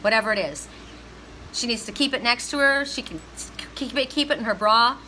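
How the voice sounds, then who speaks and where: A woman's voice: on the high side, expressive, fairly quick, pushed and bright, slight background noise, poor audio. A middle-aged woman giving a heartfelt, emphatic spiritual reading to viewers on a live stream. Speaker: psychic reader.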